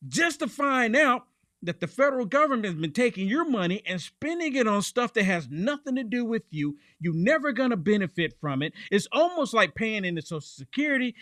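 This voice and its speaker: A man's voice: sits high, no echo. Fired-up guy ranting on his show, voice jumps all over, dry mic, keeps repeating for punch. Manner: animated, emphatic, repeats phrases for punch. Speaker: political commentary host. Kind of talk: heated political commentary.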